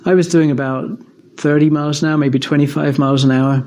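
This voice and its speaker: During a casual talk on evidence for God, a man from England tells personal stories in a reflective, conversational way, often using fillers. His slightly high voice has a darkish tone and fairly even intonation, and he speaks fairly quickly.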